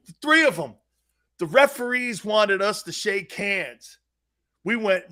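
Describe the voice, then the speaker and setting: Brash high-pitched animated man. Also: normal speed. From United States. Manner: brash, profane, storytelling with loud shouted quotes. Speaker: sports talk show host. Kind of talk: casual sports talk.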